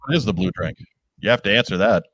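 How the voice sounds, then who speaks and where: A man's voice: fairly low pitch, sing-song, creaky, fairly bright tone. Joking man hosting a live stream. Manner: joking, halting restarts. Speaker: host. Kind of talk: casual live-stream chat.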